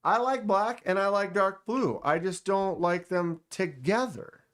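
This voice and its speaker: A man hosts a loose, casual live stream, joking around and addressing his chat directly. His voice sits a bit high for a man, and he takes his time, drawing out his words. He punctuates his talk with short exclamations. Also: a little slow, fairly bright tone. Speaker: livestream host.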